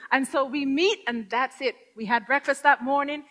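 A middle-aged woman giving a lively spoken testimony, storytelling with acted-out quotes. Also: high voice, moderate pace. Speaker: testimony speaker.

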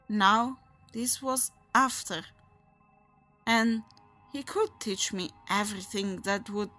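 A woman narrating a first-person horror story in a measured, unhurried way. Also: medium pitch, a bit bright.

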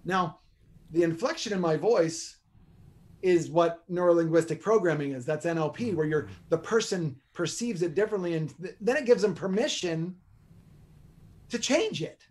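A man as a podcast guest, explaining posture and exercise in an animated, joking coaching style. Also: a little high, normal speed. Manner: animated, joking, teaches by demonstration. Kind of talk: energetic coaching talk.

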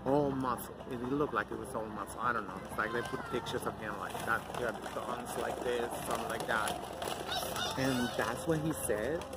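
Blunt middle-aged man over loud traffic. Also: mid-range voice, normal speed. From Mexico. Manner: blunt, outspoken, rambling with many fillers. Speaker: vlogger. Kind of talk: casual outdoor vlog rant. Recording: loud outdoor traffic noise.

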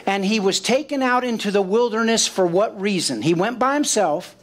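A man's voice: high-pitched, animated, moderate pace. A man preaching a sermon as pastor, asking the congregation questions and acting out quoted voices. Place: church sanctuary.

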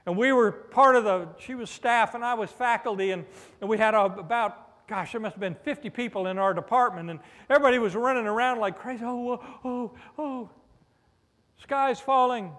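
A man's voice: high voice, fast talker, fairly bright tone. A man preaching a sermon as pastor, calling out for amens and mixing in playful asides. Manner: preacherly, with call-and-response "amen?" and playful asides. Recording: long reverb of a large hall.

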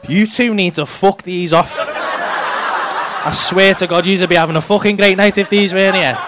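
On a comedy club stage, a man doing stand-up teases the audience in sweary crowd-work banter, amid audience laughter on a noisy live recording. His voice sits high, his intonation fairly even and his pace moderate.

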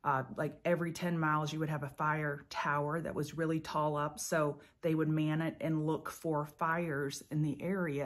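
Low-voiced woman with a rural Louisiana accent. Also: little pitch movement, moderate pace, few pauses. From central Louisiana. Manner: playful, chatty, laughs often. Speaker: trading show host. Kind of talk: casual chat to camera.

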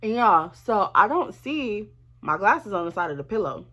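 Animated woman telling a storytime. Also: medium pitch, moderate pace. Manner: animated, profane, talks straight to viewers. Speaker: vlogger. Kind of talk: casual storytime.

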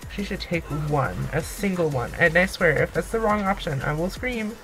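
A young woman giving excitable let's-play commentary, gasping and pleading with the game as she plays. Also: on the low side, normal speed, few pauses, faint music behind, low-quality recording. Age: young adult. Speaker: gaming YouTuber.

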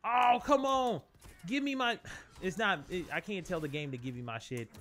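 During live commentary on a fighting game he is playing, a young man with a high voice speaks at a moderate pace. The channel host curses freely, gets worked up quickly, and chats with his opponent and audience.

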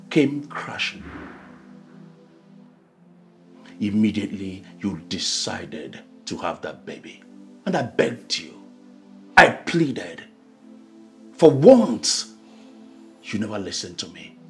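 A Nigerian actor playing a controlling husband in a film drama, talking slowly and swinging from hushed pleading to loud outbursts. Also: male voice, sits low. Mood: angry. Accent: Nigerian English. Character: resentful controlling husband, man, adult.

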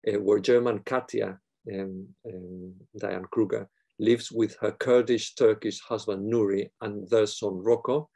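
A middle-aged man delivering an academic plenary lecture, reading a prepared text in a measured way with occasional fillers and restarts. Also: lowish voice, fairly even intonation, gravelly, dark tone.

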